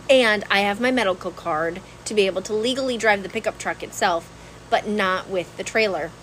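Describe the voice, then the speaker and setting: Brief: woman co-host, New lilt, rambling animated storyteller, faint hiss behind. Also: medium pitch, normal speed, rough recording. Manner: animated, laughs often, rambling with restarts. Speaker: podcast co-host. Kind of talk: casual storytelling chat.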